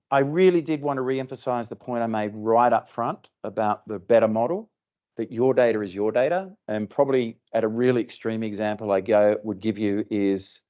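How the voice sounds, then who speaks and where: Low-voiced man presenting at an event. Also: a little mellow, lo-fi sound. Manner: conversational, restarts and repeats words, emphatic. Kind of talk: conference presentation. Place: event room.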